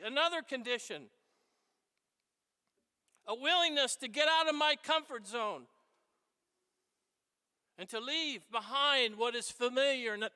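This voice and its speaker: Male priest, high bright voice, animated and chatty homily, echoey church. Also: clear, resonant tone. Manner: animated, conversational preaching with asides. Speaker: Catholic priest.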